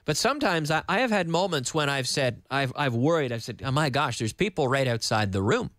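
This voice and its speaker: A man from Nova Scotia teaching English on live radio from a studio microphone, patiently repeating words slowly for learners. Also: mid-range voice, expressive, fairly bright tone, no room sound. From Canada (Nova Scotia).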